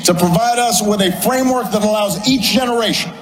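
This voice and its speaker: A man giving a formal public speech, speaking in a measured, deliberate way. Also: sits high. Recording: echoey speech clip with background noise.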